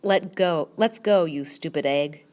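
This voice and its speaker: A woman's voice: lowish voice, animated, normal speed, a little mellow, natural voice. A woman voicing a harsh middle-aged female employer who scolds in clipped, broken English with a Cantonese accent. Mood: scolding.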